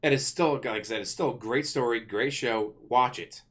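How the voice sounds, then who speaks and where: A man's voice: medium pitch, normal speed. Ranting man venting about a cartoon. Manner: complaining, animated, swears freely. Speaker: vlogger. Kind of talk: casual ranting commentary.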